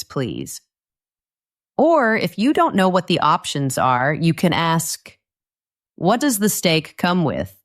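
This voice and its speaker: A woman narrating a scripted English lesson, speaking clearly and patiently and acting out short dialogue lines. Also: low voice. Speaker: English teacher.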